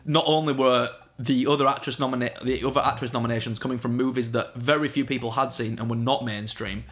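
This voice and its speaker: A man's voice: mid-range voice, fairly even intonation, fairly bright tone, soft background music. Chatty, opinionated man. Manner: chatty, opinionated, quick to joke. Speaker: film review co-host. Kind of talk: casual film discussion.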